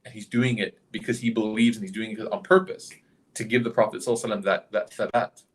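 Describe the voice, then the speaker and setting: A male religious teacher giving a storytelling sermon in a lively, conversational way, often turning to ask the listeners questions. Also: on the low side, quick pace.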